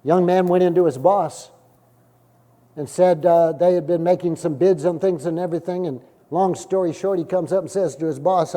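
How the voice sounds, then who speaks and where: Male pastor, middle-aged, storytelling sermon, sudden loud bursts, high warm voice, echoing church sanctuary. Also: steady tone, normal speed. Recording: long hall reverb from a church.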